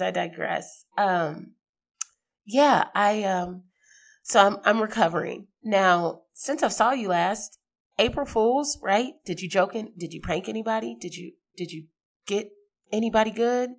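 A middle-aged woman hosting a podcast, hoarse from a sinus infection, talking in a chatty, rambling way and laughing easily. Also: medium pitch, unhurried. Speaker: podcast host. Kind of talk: casual podcast monologue.

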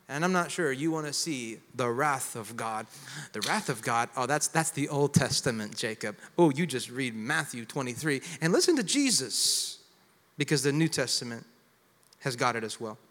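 A man in his thirties, a pastor preaching a sermon, talking conversationally and building to loud exclamations. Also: medium pitch, animated, moderate pace, long reverb tail. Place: church sanctuary with long reverb.

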